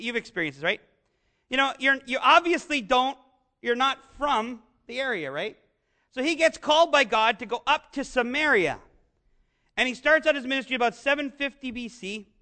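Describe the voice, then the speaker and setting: A man's voice: very high voice, sharp tone. A man preaching a sermon in a conversational way, often asking his listeners questions and slipping in jokes. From northern United States. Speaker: pastor.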